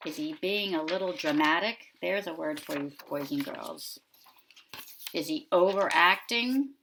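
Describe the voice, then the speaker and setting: A woman preschool teacher discussing a picture book with young children, asking them gentle questions. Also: lowish voice, measured pace, a little hiss or hum.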